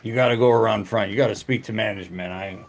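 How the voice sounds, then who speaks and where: A man voicing a gruff, weathered, big male laborer who turns visitors away. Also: on the low side, quick pace. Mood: dismissive. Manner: gruff, brusque.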